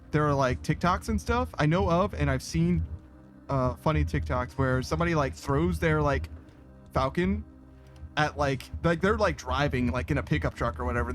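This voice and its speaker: A man live-streaming a game and reading his chat aloud, with a slightly raised pitch. He rambles loosely, swears freely and keeps breaking into laughter, with faint music behind him.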